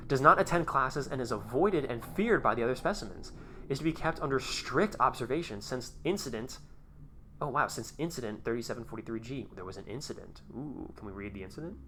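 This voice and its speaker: Bright-voiced guy rambling and chuckling. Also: medium pitch, slight background noise. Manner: rambling, chuckles often, excitable. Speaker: YouTube host. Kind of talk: casual commentary while reading aloud.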